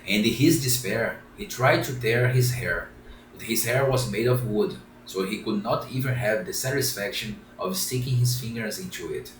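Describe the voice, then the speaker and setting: Halting man reading a storybook. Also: on the low side. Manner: halting, often restarting phrases. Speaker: reader. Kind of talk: reading a children's book aloud. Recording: roomy, distant, faint background hiss.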